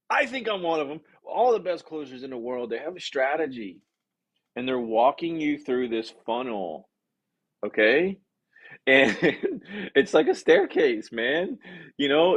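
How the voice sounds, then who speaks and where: A sales coach's slightly high, gravelly, husky voice comes through with the highs cut off as he teaches negotiation on a live stream. He's energetic and casual, often asking "okay?" and reading viewer comments aloud.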